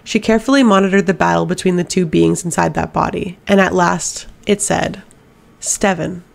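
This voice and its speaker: A woman narrating an audiobook in a steady, measured way. Her voice is fairly low and carries a gravelly fry. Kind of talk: scripted narration.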